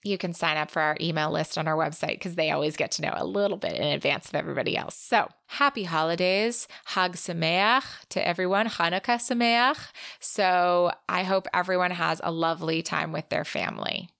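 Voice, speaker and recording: A bubbly woman co-hosting a book podcast. Her voice sits a little low for a woman. She keeps the chat casual and upbeat. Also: a little fast, gravelly, fairly bright tone, no echo, studio quality. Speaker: podcast co-host.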